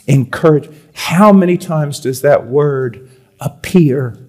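Male preacher with a slightly high voice; booming readings that drop into soft, intimate asides. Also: slow pace. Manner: swings from loud emphatic reading to quiet confiding tones; repeats words for emphasis. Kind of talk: sermon. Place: church or conference hall.

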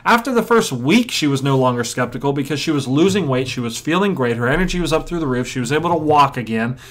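A chiropractor teaching a workshop method, telling patient stories and acting out what patients and audience members say. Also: male voice, mid-range voice, expressive, fast talker, fairly bright tone. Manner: storytelling, acts out patients and audience. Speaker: chiropractor and coach. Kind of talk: teaching a seminar.

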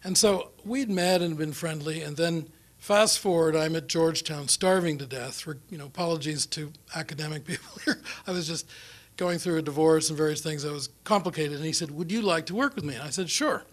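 A man's voice: on the high side, fairly quick. A middle-aged man from New Zealand with a New Zealand accent, giving an after-dinner foreign policy talk as a guest speaker, rambling and self-deprecating as he tells anecdotes. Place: lecture room or dinner venue.

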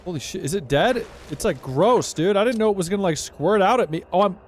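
A man's voice: high voice, animated, a little fast, a little hiss or hum. An American man giving live gameplay commentary as a streamer, chatty and reactive, talking to his viewers and yelping when startled. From United States.

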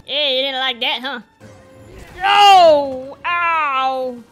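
Excitable high-voiced woman playing a game. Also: drawn-out words, over music. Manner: excitable, exclamatory, joking. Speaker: video game player. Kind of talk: casual gameplay commentary.

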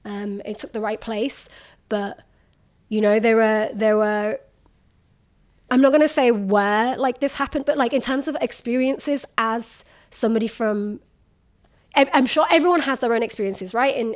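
A woman in her thirties with a slightly high voice talks candidly about her work. She laughs often and acts out the people she quotes in animated bursts. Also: moderate pace. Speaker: journalist guest. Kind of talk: candid conversational storytelling.

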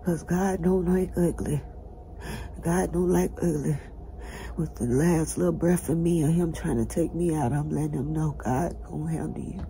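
Brief: woman, breathless and tearful, pleading testimony, very dark tone, faint background hiss. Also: low voice, moderate pace, gravelly, low-quality recording. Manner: urgent, pleading, breaking into tears. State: breathless, cried out. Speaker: person recounting a jail ordeal. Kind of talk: emotional first-person testimony to viewers.

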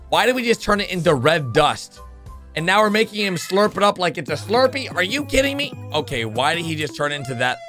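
A man with a high-sitting voice hosts a reaction video, commenting excitedly on a cartoon as he swings from hushed asides to shouts.

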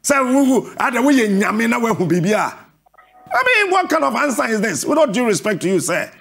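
Ghanaian male host, combative interviewer, high and lively with gravel. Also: a little fast. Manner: forceful, repeats and cuts in, sing-song emphasis. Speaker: radio and TV host. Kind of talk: combative live interview on air.

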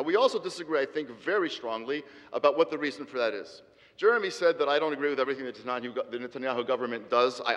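A man's voice: fairly high pitch, a bit bright. Emphatic middle-aged man debating in hall. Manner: emphatic, rhetorical repetition. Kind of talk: formal debate speech. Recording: hall reverb.

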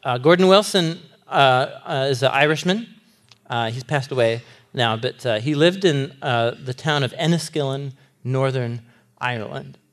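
A man in his thirties preaching a sermon to a live audience, animated, laughing often and acting out characters' lines. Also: mid-range voice, normal speed. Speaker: pastor.

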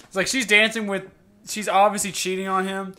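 A man's voice: high-pitched, little pitch movement, brisk, sharp tone. A man casually reacting to a film for his channel, sarcastic and swearing a lot, with film music behind him. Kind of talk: casual profane reaction commentary. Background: film music playing.

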